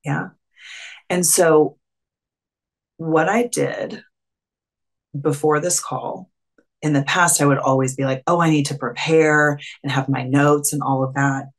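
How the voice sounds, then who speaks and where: A woman's voice: low voice, steady tone, takes it slowly, pauses often. A woman coach talking casually as a webinar guest, full of fillers and acted-out quotes. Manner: chatty, filler-heavy, acts out quoted dialogue. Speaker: clarity and confidence coach.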